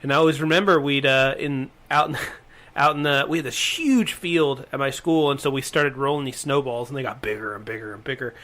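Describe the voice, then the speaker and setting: A young man from northern Idaho telling a childhood story in casual chat, acting out the shouts. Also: medium pitch, brisk. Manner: animated, acts out shouts while telling a story.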